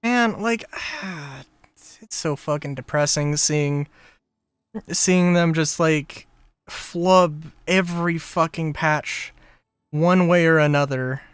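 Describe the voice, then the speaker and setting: A man's voice: fairly high pitch, slow pace, smooth, dry recording. A young man chatting casually on a live stream, ranting in exasperation with lots of swearing and filler words.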